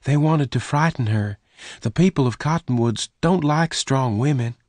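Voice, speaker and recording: A man voicing a gentle young woman in a read-aloud story, speaking softly and earnestly in a raised voice. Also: moderate pace, no echo, natural voice. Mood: quiet. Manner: soft, earnest, pitched well above his own voice.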